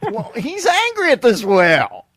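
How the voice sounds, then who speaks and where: A man's voice: extremely high pitch, no room sound. A man, a comedian, telling stories animatedly in a casual chat and laughing easily. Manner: animated storyteller, quick to laugh. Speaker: stand-up comedian.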